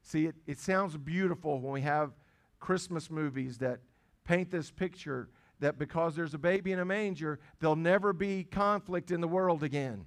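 A man's voice: a little high, moderate pace. A middle-aged man, a pastor, preaching a sermon in a conversational way, with stammered restarts and phrases repeated for stress.

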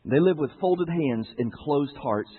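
Preaching in a conversational style, this pastor frequently asks his listeners rhetorical questions. His husky, expressive voice sits a little high and keeps a measured pace, heard through tinny narrow-band broadcast sound.

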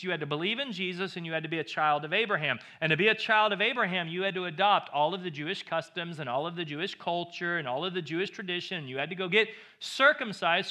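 A man's voice: high-pitched, bright, forceful tone. A male pastor preaching a sermon, emphatic and repeating phrases for stress.

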